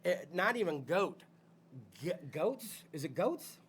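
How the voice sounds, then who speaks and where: A man hosting a podcast with loose comedic chat, profane and rowdy, often bursting into shouts. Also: sits high, animated, slow pace, slight background noise. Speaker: podcast host.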